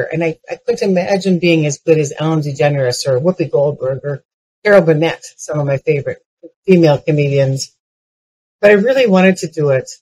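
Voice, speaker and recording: An older woman delivers a comedic storytelling keynote, spinning lively personal anecdotes that build to punchlines, often restarting as she goes. Her voice is fairly low, and the recording is rough but has no echo.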